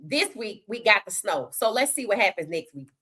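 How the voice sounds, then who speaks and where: A woman's voice: mid-range voice, big pitch swings, normal speed, pushed and bright, slightly rough. A woman hosting a casual sports talk livestream, giving outspoken, colloquial opinions and greeting chat viewers. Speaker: podcast host.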